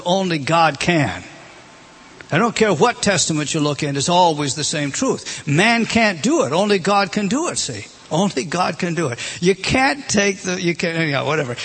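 Husky-voiced preacher man, high-pitched. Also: a bit bright. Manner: rising and dropping emphatically, direct questions to the congregation. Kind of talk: sermon.

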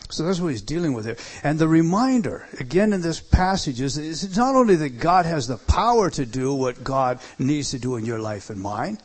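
A man's voice: on the high side, animated, normal speed, few pauses, breathy edge. Emphatic male pastor preaching. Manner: emphatic preaching, swings between loud and soft. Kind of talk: sermon.

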